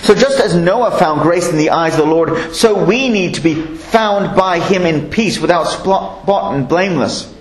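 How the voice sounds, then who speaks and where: A man preaches a sermon, reading scripture in measured phrases before slipping into casual asides. His voice sits a little high for a man. The recording carries a noticeable room echo. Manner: reads scripture slowly, then explains in chatty asides.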